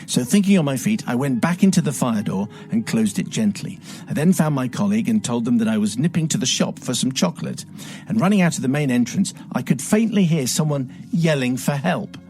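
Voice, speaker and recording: A man's voice: medium pitch, darkish tone. A man hosting a radio show, reading a listener's letter aloud with wry, dramatic storytelling. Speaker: radio host.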